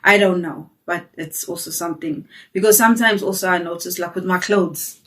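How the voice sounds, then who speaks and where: A woman chats candidly to her viewers. She talks in a lowish voice, full of restarts and fillers. She sits a bit back from the mic. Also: fairly quick, a bit bright, distant mic. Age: 40s. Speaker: vlogger. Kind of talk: casual chat to camera.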